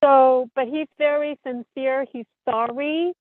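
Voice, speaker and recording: A woman's voice: sits high, steady tone, measured pace, dry recording. A woman calling in to an advice show. She speaks hesitantly and breaks off and restarts her sentences as she explains her situation. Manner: hesitant, many fillers and restarts. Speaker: caller. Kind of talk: call-in conversation. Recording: tinny dry phone line.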